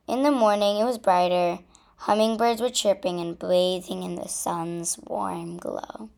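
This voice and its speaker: A woman reading a children's story aloud as storyteller, in a gentle read-aloud way. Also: fairly low pitch, fairly even intonation, unhurried, gravelly.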